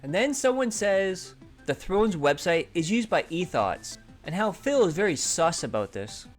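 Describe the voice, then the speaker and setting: A man's voice: high-pitched, sing-song, a little slow, faint music behind. A man hosting a drama commentary channel, sarcastically recapping a streamer's clips. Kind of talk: narrating commentary over clips.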